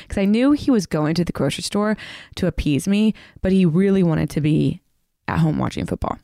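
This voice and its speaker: A woman's voice: on the low side, animated, brisk, creaky, dark tone, no room sound, clean studio sound. A woman telling a personal story in a candid, self-mocking way on a podcast.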